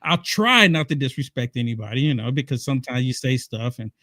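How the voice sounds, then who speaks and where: A man talking as a guest in a casual political chat, earnest and measured. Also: medium pitch, expressive, pushed and bright, dry recording, clean studio sound.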